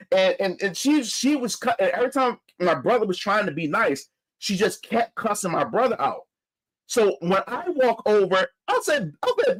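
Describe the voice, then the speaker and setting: A man's voice: high voice, low-quality recording. A young man hosting his channel, retelling a heated run-in in casual, profane storytelling with many restarts. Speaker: channel host.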